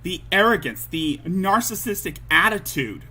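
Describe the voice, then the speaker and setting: A man's voice: sits high, big pitch swings, moderate pace, bright, forceful tone, breathy edge. A man hosting a livestream, reacting to clips with angry, profane ranting. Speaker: livestream host.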